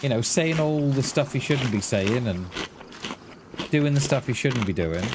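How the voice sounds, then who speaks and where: A man's voice: medium pitch, lively intonation, measured pace, noisy background. A man chatting casually on a live game stream, rambling and restarting his words as he talks to his chat. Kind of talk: casual chat while gaming.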